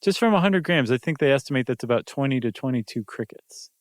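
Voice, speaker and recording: A man's voice: mid-range voice, expressive, fast talker, no echo, studio quality. A man co-hosting a podcast in casual chat, jokey and chatty with filler ums. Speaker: podcast co-host.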